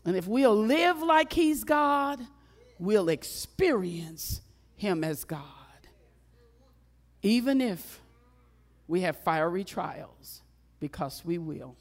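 Woman preaching with big shifts in loudness. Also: mid-range voice, animated. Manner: swings between loud exclamations and hushed, drawn-out phrases; repeats phrases for emphasis. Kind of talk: sermon and closing prayer.

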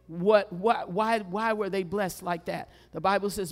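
Woman preaching with big shifts in loudness. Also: medium pitch, fairly even intonation. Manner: swings between loud exclamations and hushed, drawn-out phrases; repeats phrases for emphasis. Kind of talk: sermon and closing prayer.

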